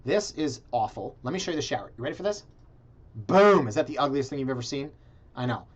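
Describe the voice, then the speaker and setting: A man of average pitch hosts a casual video, reviewing condo listings with sarcasm and lively asides to his viewers. He sounds blunt and animated. The recording is a little dull and lo-fi. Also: racing, husky. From Canada. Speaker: realtor and video blog host.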